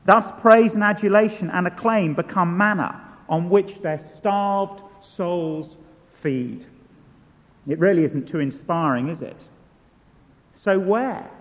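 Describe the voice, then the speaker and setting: A man preaching a sermon in a large church, measured and deliberate, repeating key words for emphasis. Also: high-pitched. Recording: long church reverb.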